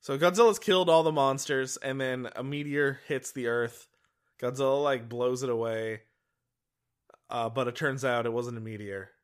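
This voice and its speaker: Male co-host, mid pitch, chatty and animated, laughs a lot. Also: normal speed, clear, resonant tone. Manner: animated plot recapping, laughs often. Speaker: podcast co-host. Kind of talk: casual chat.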